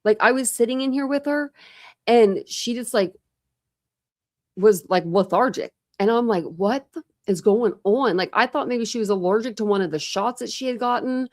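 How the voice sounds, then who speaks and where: A woman's voice: a little high, normal speed. A woman hosts a casual true crime livestream in a chatty, meandering way. She piles on fillers and restarts as she talks loosely to her viewers. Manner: rambling, filler-heavy, chatty. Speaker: true crime channel host.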